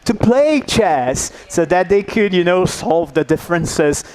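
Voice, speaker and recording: A man's voice: high-pitched, animated, unhurried, a little mellow, a little hiss or hum. A man leading a teacher workshop, coaxing the audience and checking in with "yeah?" after nearly every point. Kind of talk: interactive workshop talk.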